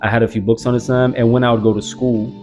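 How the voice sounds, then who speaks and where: A man's voice: medium pitch, level tone, fast, darkish tone. A young man from the American South earnestly telling his own life story, reflective, with many "like" fillers. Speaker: convert sharing his story. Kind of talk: personal storytelling. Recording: strong background music.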